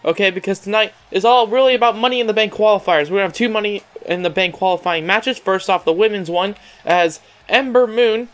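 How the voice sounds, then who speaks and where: Brief: male gaming host, excitable announcer-style wrestling play-by-play, high clear voice. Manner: excitable announcer patter, repeating "however" and filler words. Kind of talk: play-by-play wrestling commentary over a video game.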